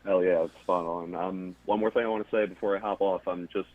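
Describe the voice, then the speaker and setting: A man's voice: deep voice, steady tone, fairly quick. A man calling into a show, chatting in an easygoing way. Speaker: caller. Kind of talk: casual chat. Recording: tinny phone-like call line.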